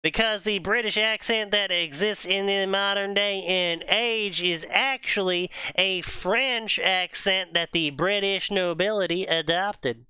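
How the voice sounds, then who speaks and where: A co-host reads fanfiction aloud in a slow, deliberate put-on Southern drawl, stopping for sarcastic jokes. The voice is bright and very clean, recorded dry and close with no room sound. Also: mid-range voice, clear, resonant tone, dry recording. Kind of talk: mocking fanfic reading with banter.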